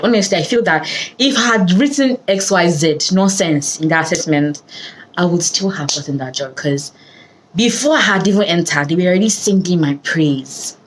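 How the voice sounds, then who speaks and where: Lively Nigerian woman telling a story. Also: lowish voice, rough recording. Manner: animated, laughing, mixes in Pidgin. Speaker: vlogger. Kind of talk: casual storytelling.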